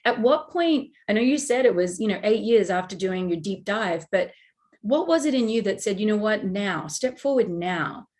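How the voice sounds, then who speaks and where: A woman's voice: mid-range voice, lively intonation, moderate pace, darkish tone. A woman hosting a podcast, effusive and reflective in her replies. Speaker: podcast host. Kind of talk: conversational interview.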